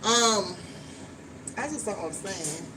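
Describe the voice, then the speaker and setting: A woman's voice: medium pitch, takes it slowly. Chatty woman cooking at home. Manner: chatty, frank, talks straight to viewers, swears casually. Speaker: vlogger. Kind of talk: casual chat while cooking. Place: home kitchen. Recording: distant mic with steady background noise.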